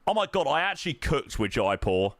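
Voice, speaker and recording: A man chatting casually to his live-stream viewers as he plays, thanking supporters and reacting loudly to his own guesses. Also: mid-range voice, fairly quick, no echo. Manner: excitable, swings between muttering and loud outbursts. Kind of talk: casual live-stream chat while playing.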